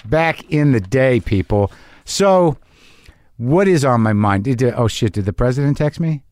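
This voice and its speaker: A man's voice: mid-range voice, animated, normal speed, darkish tone, no room sound, clean studio sound. A middle-aged man hosting his podcast in a rambling, profane, self-deprecating monologue, with a slight lisp. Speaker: podcast host. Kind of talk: casual monologue.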